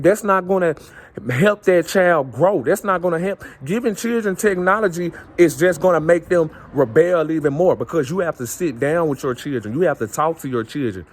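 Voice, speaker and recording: A man speaking in an earnest, impassioned monologue, circling back and repeating his phrases. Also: sits high. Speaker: vlogger.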